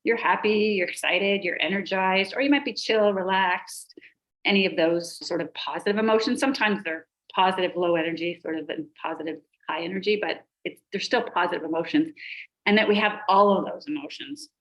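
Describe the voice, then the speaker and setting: A middle-aged woman speaks as a guest on a podcast, her voice sitting somewhat low. She explains ideas patiently and runs through lists of examples in an even rhythm. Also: a little fast, low-quality recording. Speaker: pediatrician and life coach guest.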